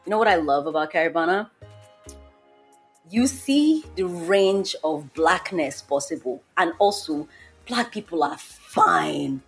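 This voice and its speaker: A young woman from Nigeria hosting a podcast, chatting casually and telling an animated story, laughing often. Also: lowish voice, measured pace, slightly rough, soft background music. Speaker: podcast host. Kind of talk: casual chat.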